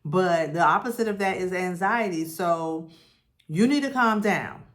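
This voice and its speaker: A woman giving a spiritual tarot reading, talking in a slow, repetitive way and leading the listener through affirmations. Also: fairly low pitch. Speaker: tarot reader.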